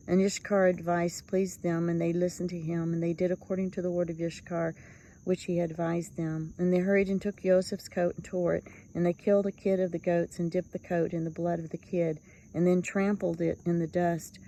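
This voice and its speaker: Flat low-voiced woman reading scripture. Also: normal speed, slight background noise, rough recording. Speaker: scripture reader. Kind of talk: reading aloud from a religious text.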